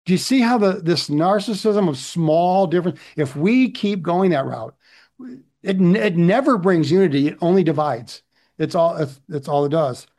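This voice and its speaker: Middle-aged male pastor, slightly higher voice, chatty sermon delivery with rhetorical asides. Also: expressive, moderate pace, a little mellow. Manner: conversational, frequent "right?" asides.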